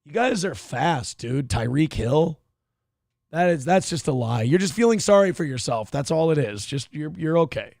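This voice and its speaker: A man in his thirties hosting a live stream, with a gravelly, fry-laden voice pitched a bit above the usual. He talks in a brash, mocking way and breaks into sudden yelled outbursts. The sound is dry and close, with no room around it. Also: lively intonation, moderate pace, no echo. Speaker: livestream show host. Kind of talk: crude casual livestream commentary.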